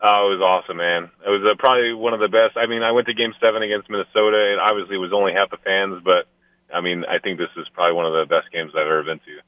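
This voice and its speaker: Very low-voiced hoarse man on phone. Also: steady tone, very fast, no echo. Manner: rambling, hesitant with fillers. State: losing his voice. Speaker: caller. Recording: phone line.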